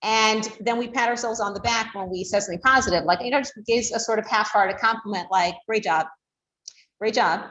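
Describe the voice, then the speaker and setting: A woman's voice: a little high, quick pace, few pauses, a bit bright. A woman teaching a class, explaining with frequent fillers like "you know" and acting out tones of voice to make her points. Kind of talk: lecture to a class. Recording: roomy echo.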